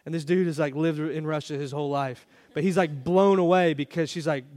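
A man's voice: fairly high pitch, steady tone, fairly quick. Man preaching a conversational sermon. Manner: conversational, warm storytelling with quoted dialogue. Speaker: pastor. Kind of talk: sermon storytelling.

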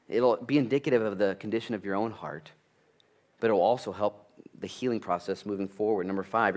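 A male pastor preaching a sermon, telling family stories with lively acted-out dialogue. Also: medium pitch. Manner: animated storytelling, acts out family dialogue.

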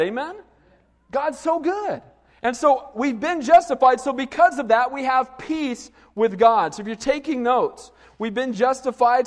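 A middle-aged man preaching a sermon, telling lively stories and asking the congregation questions. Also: very high-pitched, in a large hall. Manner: animated storytelling with asides to the congregation. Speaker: pastor.

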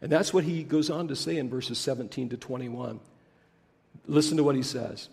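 A pastor preaching a sermon, slowing down to stress key words. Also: male voice, medium pitch, vocal fry, a little mellow. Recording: preached in a hall with long reverb.

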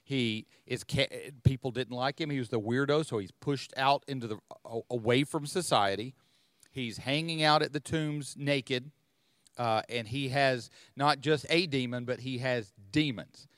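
A man's voice: medium pitch, unhurried, a bit bright, dry recording. Man teaching the Bible on a podcast. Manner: explanatory, thinking aloud with restarts.

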